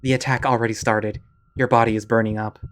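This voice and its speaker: A man narrating a visual novel in the second person, steady and measured. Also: medium pitch.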